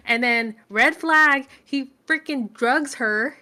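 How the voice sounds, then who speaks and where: A young woman casually recapping a book she read, chatty and full of fillers, retelling the plot in an animated way. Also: a little high, takes it slowly, few pauses, clear, resonant tone. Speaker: book reviewer. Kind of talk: casual chat.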